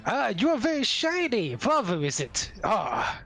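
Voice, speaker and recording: A game master voicing a huge, jovial male engineer father who speaks in booming, formal, halting phrases. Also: huge pitch swings, fairly bright tone, full character voice. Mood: delighted.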